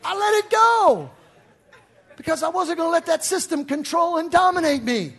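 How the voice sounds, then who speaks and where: An older man preaching a sermon in a church, animated, swinging from hushed talk to shouts. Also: very high-pitched, moderate pace, some chatter behind. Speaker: pastor.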